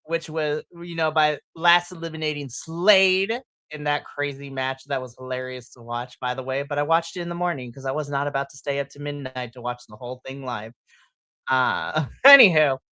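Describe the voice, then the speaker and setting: A podcast co-host in casual post-show chat, excitable, laughing often and breaking into loud exclamations. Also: mid-range voice, moderate pace, clean tone, no room sound.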